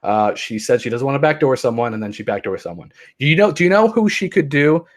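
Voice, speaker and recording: A man's voice: mid-range voice, big pitch swings, quick pace. Man, young adult, podcast host, casual rambling recap, exasperated, handheld mic. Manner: rambling, exasperated, mocking impressions.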